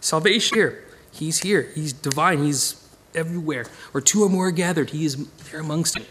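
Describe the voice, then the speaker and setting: A man teaching a casual Bible study, animated and digressive, chuckling as he goes. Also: fairly high pitch, moderate pace, slight background noise.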